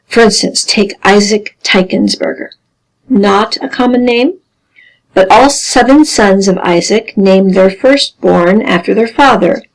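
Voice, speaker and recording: A woman teaching a genealogy lesson, explaining carefully with dry deadpan humor. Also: mid-range voice, gravelly, rough recording. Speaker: genealogy instructor. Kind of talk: recorded lesson over slides.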